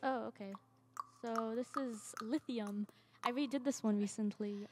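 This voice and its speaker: A woman's voice: on the high side, fairly even intonation, unhurried, noisy background. A young woman casually commenting on her own old singing clips, rambling and self-deprecating, swearing now and then, into her own microphone at home.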